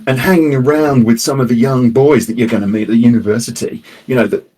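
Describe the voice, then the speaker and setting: Guy playing a young student guilt-tripping his mum, kinda husky. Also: mid-range voice, fairly even intonation, fast, mellow, lightly acted. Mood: needling. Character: young male student needling his mother.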